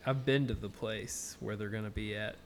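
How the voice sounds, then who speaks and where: A man in his thirties hosting a casual podcast, telling rambling, excited, profane stories. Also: fairly low pitch, normal speed, a little hiss or hum. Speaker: podcast host. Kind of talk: casual chat.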